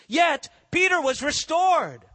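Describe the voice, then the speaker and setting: Male pastor with a high voice, preaching earnestly in a dry, close room. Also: animated, slow pace, sharp tone, no room sound. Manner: earnest, asks rhetorical questions. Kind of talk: sermon.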